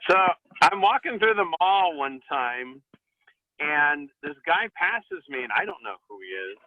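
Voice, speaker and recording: A man tells a story in a casual chat, with his pitch swooping up and down as he acts out the quoted lines. He comes through a tinny, phone-like line. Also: big pitch swings, unhurried, no echo. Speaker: guest.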